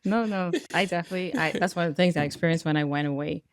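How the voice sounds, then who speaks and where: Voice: mid-range voice, rapid-fire, clear, resonant tone, no room sound, studio quality. A podcast host in casual conversation, often backing up the guest with short affirming murmurs. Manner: supportive, frequent affirming murmurs.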